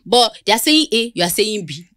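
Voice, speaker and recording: Lively Nigerian woman guest, dry sound. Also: medium pitch, a little fast, no echo. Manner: animated and emphatic, playful laughter. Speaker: podcast guest. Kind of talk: casual podcast chat.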